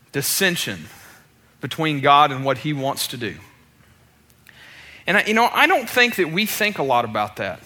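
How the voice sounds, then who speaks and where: A male preacher tells his story from the pulpit in a loose, conversational way. His voice sits high and sounds piercingly bright, rising and falling freely as he stumbles, restarts, and pokes fun at himself. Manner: casual and chatty, with many restarts and self-deprecating asides. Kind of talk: storytelling sermon.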